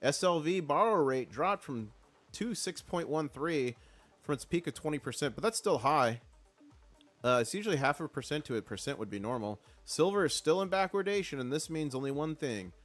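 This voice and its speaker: A man hosting a casual live stream with excited market commentary, rallying his chat and reading out their comments. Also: fairly high pitch, normal speed, soft background music.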